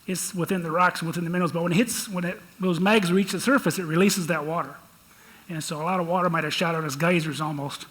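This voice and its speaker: Man, Michigan accent, higher register, relaxed conversational lecturer walking through slides. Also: rough recording. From Michigan, United States. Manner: conversational, explains slides, repeats words. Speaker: geologist giving a talk. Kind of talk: lecture presentation.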